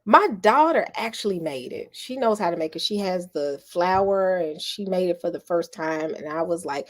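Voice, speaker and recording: A woman's voice: fairly low pitch, normal speed, hardly any pauses. A middle-aged woman, chatting casually with her live viewers. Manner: chatty, animated, addresses viewers as y'all. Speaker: vlogger talking to live viewers. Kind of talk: casual live-stream chat.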